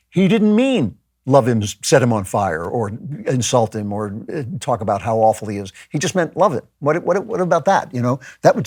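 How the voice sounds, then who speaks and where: A middle-aged man hosts a show in a relaxed monologue, pressing his points with emphasis and acting out the voices of people he disagrees with. His voice sits at an ordinary middle pitch. The sound is dry and close, with no room around it. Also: dry recording. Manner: conversational, emphatic, animated quoting of others. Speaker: podcast host. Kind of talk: casual monologue on faith.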